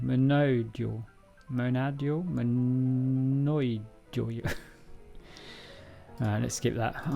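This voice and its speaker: A man's voice: mid-range voice, vocal fry, darkish tone. Male streamer, casual live-coding chat, self-mocking, trips over words, faint music and typing behind. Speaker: livestreamer reading a programming book.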